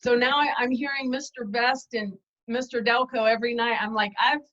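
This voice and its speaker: Chatty woman guest, slightly high voice. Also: steady tone, fairly quick, a bit bright, highs cut off. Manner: chatty, candid, self-deprecating. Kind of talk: casual storytelling interview.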